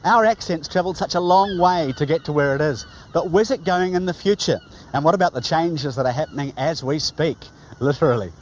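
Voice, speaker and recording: A man's voice: a little high, brisk, slight background noise, rough recording. A man with a New Zealand accent presenting a documentary in a conversational way.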